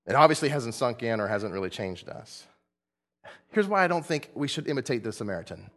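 A male pastor preaches in a loose, conversational style, full of asides and quick laughs. His pitch rises and falls a great deal. His voice carries a long reverb through a large church hall. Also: big pitch swings, fairly bright tone. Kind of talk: sermon.

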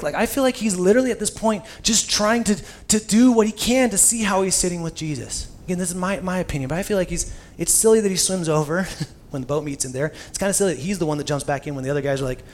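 Young pastor guy preaching casual, kinda high voice, chatty sermon. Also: brisk, a little hiss or hum. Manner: conversational storytelling with casual asides.

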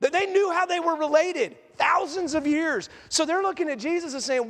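A man preaching a sermon as pastor, animated and acting out quoted voices as he teaches. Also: very high voice, normal speed, hardly any pauses. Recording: echoey hall reverb.

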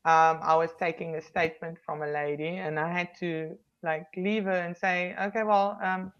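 A woman's voice: low-pitched, flat delivery, moderate pace, a little hiss or hum. A South African woman, a police officer, frankly recounting her work in a casual interview with many ums and restarts. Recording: slightly dull lo-fi recording.

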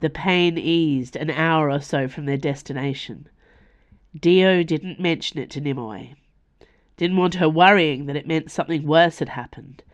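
An Australian woman reading her own serialized fiction aloud in a measured, expressive narration. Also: low voice. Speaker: author and podcast reader. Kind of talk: scripted narration.

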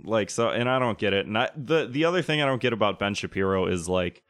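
A man with a very deep voice chats loosely on a podcast, circling his points with plenty of fillers and a few curses. The recording is dry and close. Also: animated, fast talker, fairly bright tone, clean tone, no room sound. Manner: rambling, heavy filler words, swears. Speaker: podcast co-host. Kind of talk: casual chat.

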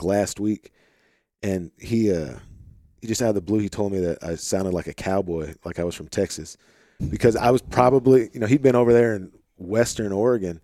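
A man hosting a podcast with an Arkansas-tinged Midwestern accent, chatting in a relaxed, rambling way full of fillers, recorded in a home office. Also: lowish voice, no room sound, clean studio sound. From St. Louis, Missouri. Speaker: podcast host. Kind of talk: casual conversation.

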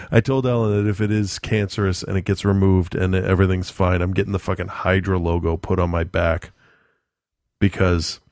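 A man chatting casually, swearing freely and telling stories with dark humor and frequent laughter. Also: low voice, little pitch movement, moderate pace, no echo, studio quality. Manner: profane, darkly joking, laughs often. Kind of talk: casual chat.

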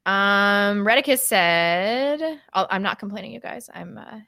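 A woman's voice: mid-range voice, a little slow, gravelly, sharp tone, no room sound, clean studio sound. A woman co-hosting a podcast in casual chat, reading viewer messages aloud with sarcastic humor and frequent laughter. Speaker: podcast co-host.

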